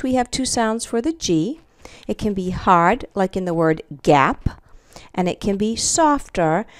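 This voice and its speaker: A woman's voice: mid-range voice, dry recording, clean studio sound. A woman teaching a Spanish pronunciation lesson, repeating each example word and checking in with "okay" and "all right". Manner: slow, careful, repeats example words.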